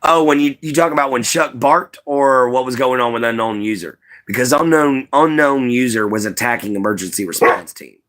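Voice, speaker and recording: A man chatting casually to viewers on a live stream, rambling and relaxed, with lots of "you know" and "man". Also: mid-range voice, moderate pace, hardly any pauses. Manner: laid-back, rambling, says "you know" and "man" a lot.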